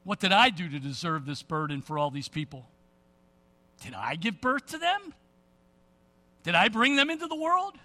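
A man's voice: high-pitched, lively intonation, normal speed, long pauses, sharp tone, exaggerated voice. A man playing an exasperated old prophet pleading with rhetorical questions about his heavy burden. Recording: long reverb of a big hall.

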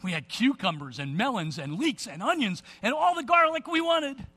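A man voicing ancient grumblers who whine about missing food, in a high nagging tone. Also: sing-song, normal speed, sharp tone, heavily acted. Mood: whining. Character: whining ancient male complainers, grumbling crowd. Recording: long reverb of a big hall.

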